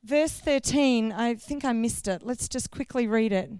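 A woman's voice: fairly high pitch, measured pace, darkish tone, smooth, no room sound. A woman giving a sermon in a conversational way, asking the congregation questions and correcting herself as she goes. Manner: loses her place, corrects herself mid-sentence. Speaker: guest preacher.

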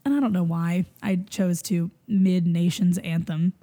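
Animated woman with a mellow voice. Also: lowish voice, measured pace. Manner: animated, laughing, lots of fillers. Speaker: worship leader. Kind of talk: storytelling in casual chat.

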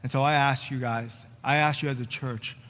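A man's voice: medium pitch, steady tone, normal speed, fairly bright tone. A young adult man from New Jersey preaching a sermon to his congregation, conversational and earnest, mixing joking asides with pleading calls to his church. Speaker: pastor. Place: church sanctuary. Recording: long church hall reverb.

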